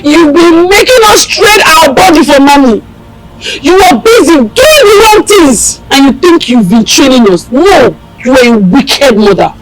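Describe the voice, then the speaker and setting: A woman's voice: sits high, expressive, a little slow, low-quality recording. A woman playing a bitter grown daughter who accuses her mother through tears. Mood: accusing. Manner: accusing, tearful. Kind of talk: Nollywood film acting.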